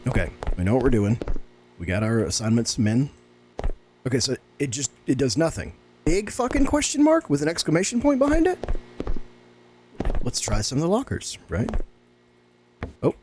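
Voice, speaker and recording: A man giving excitable, sarcastic let's-play commentary on a horror game as a gaming YouTuber. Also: medium pitch, normal speed, long pauses, slight background noise.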